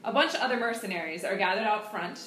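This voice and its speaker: A woman's voice: mid-range voice, quick pace, a bit bright. A young woman narrating as game master, casual, giggly and improvising. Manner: giggly, self-deprecating, improvising. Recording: echoey room with music behind.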